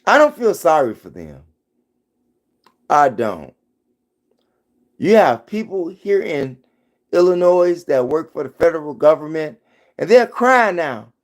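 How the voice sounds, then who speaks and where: Slow, animated man ranting. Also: fairly high pitch. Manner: emphatic, preachy, repeats punchlines. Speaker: vlogger. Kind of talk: opinionated commentary vlog. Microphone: phone.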